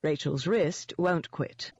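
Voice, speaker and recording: Keesley, a reader voicing a gruff old witch healer. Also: medium pitch, takes it slowly, a little mellow, no room sound. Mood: disapproving. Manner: gruff and curt. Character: disapproving older male witch healer. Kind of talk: audiobook character voice. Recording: dull, dry lo-fi audio.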